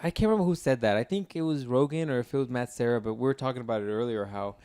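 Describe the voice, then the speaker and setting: A man's voice: mid-range voice, very fast, clear, resonant tone. A man co-hosting a podcast, chatting casually and telling rambling, profane stories with lots of fillers. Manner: rambling, profane, animated storytelling. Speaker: podcast co-host.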